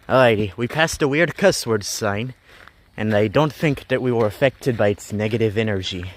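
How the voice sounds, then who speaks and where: A man's voice: lowish voice, moderate pace, a little hiss or hum. A young man rambling, joking and griping as he walks a rural mountain road, live-streaming from a handheld phone. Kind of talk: casual live-stream vlog.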